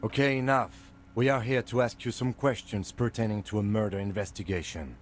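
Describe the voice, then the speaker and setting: A man voicing a calm, stern police lieutenant in a game who speaks curtly. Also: on the low side, brisk, slight background noise, lightly acted. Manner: curt and composed.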